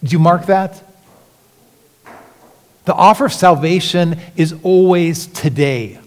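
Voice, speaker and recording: Slowly and with earnest conviction, a male pastor delivers his sermon, his somewhat high voice dropping to near-whispers then climbing into emphatic appeals, all carried by the long reverb of the sanctuary.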